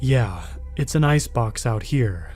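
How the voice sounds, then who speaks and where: A man's voice: mid-range voice, expressive, slow, a little mellow, faint music behind. A man voicing a young friend in a spoken horror story, grumbling about the cold. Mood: uncomfortable. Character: shivering complaining young friend.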